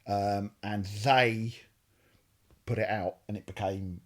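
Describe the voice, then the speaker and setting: A man's voice: lowish voice, steady tone, slow. Rambling, jokey man co-hosting. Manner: rambling, jokey, self-correcting. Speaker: co-host. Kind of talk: casual chat.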